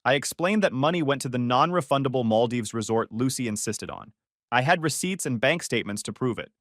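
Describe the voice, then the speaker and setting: A man's voice: medium pitch, animated, brisk, a bit bright, no room sound. A man narrating a first-person story in a dry, sarcastic manner.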